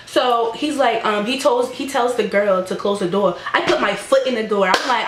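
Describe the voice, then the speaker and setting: A woman's voice: fairly high pitch, a little fast, hardly any pauses. A young woman telling a personal story in a casual storytime vlog, chatty, filling her talk with "like" and laughing at herself as she acts out what people said. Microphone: camera microphone. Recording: echoey room, faint background noise.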